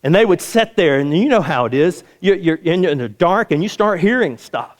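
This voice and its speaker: A pastor preaching in a slightly high voice, his folksy storytelling and repeated phrases carrying through a church hall. The long reverb of the sanctuary hangs after his words. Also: lively intonation, normal speed. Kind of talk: sermon.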